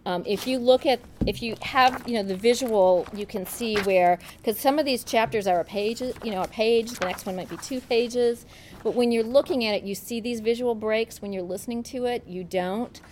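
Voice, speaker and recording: Fairly high in pitch and a little mellow, this woman's voice comes at normal speed over slight hiss or hum. She's a book club presenter in a chatty, hesitant book talk full of fillers and restarts, reading a passage aloud.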